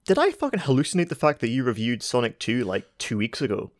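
A man's voice: mid-range voice, huge pitch swings, fast talker, no room sound. Rambling, sweary man on a podcast. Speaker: podcast co-host. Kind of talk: casual podcast chat.

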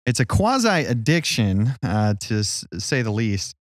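A man's voice: fairly low pitch, very animated, a little slow, no room sound, clean studio sound. A man who is a senior adult pastor, co-hosting a casual church podcast and joking and teasing with fillers.

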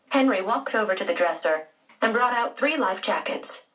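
A woman narrating a children's audiobook in an expressive storytelling manner. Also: mid-range voice, moderate pace, distant mic, poor audio.

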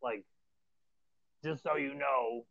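A man's voice: mid-range voice, steady tone, slow pace, vocal fry, bright, forceful tone, no room sound. A man who wrestles for a living telling stories in a casual podcast chat, blunt and profane, ranting with energy. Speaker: professional wrestler guest. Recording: dull lo-fi sound, dry.

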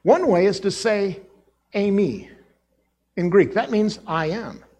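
A man's voice: high-pitched, normal speed. A middle-aged man, a former associate pastor, preaching a sermon and acting out the quoted dialogue. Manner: animated preacher who acts out quoted dialogue.

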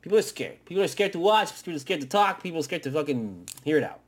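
A man hosting a fan podcast, ranting with heavy swearing and swinging from loud outbursts to low mutters. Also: quick pace, husky. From Miami area. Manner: profane, excitable, swings between shouting and muttering. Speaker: podcast host. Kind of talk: fan commentary rant.

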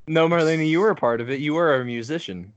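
A man's voice: on the high side, fast talker, no echo, muffled recording. A young man co-hosting a casual podcast, cracking jokes with a straight face. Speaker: podcast co-host. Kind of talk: casual chat.

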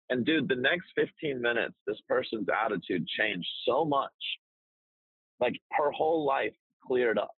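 A man talking casually as a business coach, blunt and profane, telling stories with animated energy. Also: medium pitch, a little fast, husky, no echo, narrow, tinny audio. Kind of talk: casual podcast chat.

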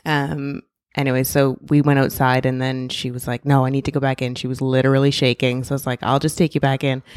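A woman's voice: extremely low pitch, fairly quick, clean tone, no echo, studio quality. A woman in her thirties, a podcast guest, telling a story in casual chat and acting out the voices. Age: 30s. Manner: animated storyteller, acts out voices.

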